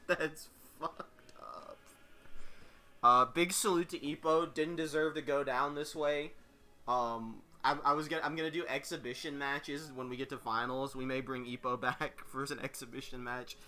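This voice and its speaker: A man hosting a fighting-game tournament stream, chatting casually, rambling and swearing with quick laughs. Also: mid-range voice, fairly even intonation, bright, forceful tone. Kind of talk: casual live-stream chat.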